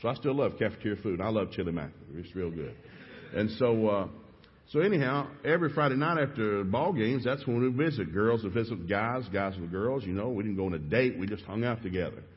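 A middle-aged man from East Tennessee with a Southern accent, telling stories fast and with animation in a sermon. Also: lowish voice, slightly rough. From East Tennessee, USA. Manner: fast-talking, animated storyteller. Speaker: preacher. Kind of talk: storytelling sermon. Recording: dull echoey church recording.

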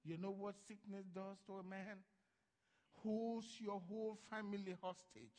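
A male pastor preaching a sermon, swinging from hushed lines to loud ones and acting out voices from Bible stories. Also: high voice, flat delivery, measured pace, in a large hall.

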